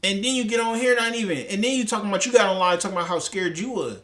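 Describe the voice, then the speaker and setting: A man's voice: sits high, very fast, sharp tone. A man reacting to a clip, talking in a heated, profane, rambling way with many restarts. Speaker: commentary host. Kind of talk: reaction commentary.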